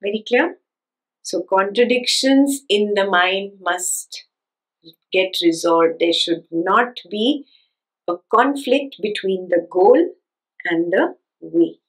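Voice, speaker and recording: A woman's voice: mid-range voice, animated, slow pace, poor audio. A woman giving a spiritual teaching talk, who stresses and repeats her key points and keeps checking that listeners follow with rhetorical questions.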